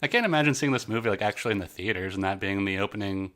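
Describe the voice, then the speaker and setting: A man's voice: lowish voice, racing, a bit bright. A man co-hosting a movie podcast, chatting casually in a rambling, jokey way. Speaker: podcast co-host. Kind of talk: casual chat.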